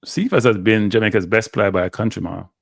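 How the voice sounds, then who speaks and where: A man's voice: lowish voice, fast, creaky, no echo, studio quality. A man hosting a live watchalong, calling football play-by-play with blunt, frustrated fan commentary. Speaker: watchalong host.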